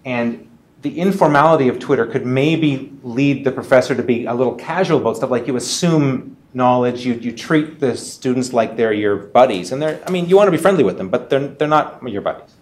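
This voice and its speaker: A man's voice: medium pitch, expressive, brisk. Man, middle-aged, medical lecturer, casual panel talk, conversational, restarts often. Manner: conversational, frequent restarts and quoted student questions.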